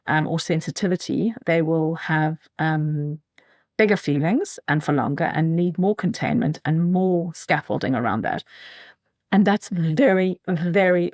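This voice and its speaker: A woman hosting a solo podcast, talking in a candid, thoughtful way with frequent pauses and self-corrections. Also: on the low side, no room sound, studio quality. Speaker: podcast host. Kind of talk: reflective solo podcast monologue.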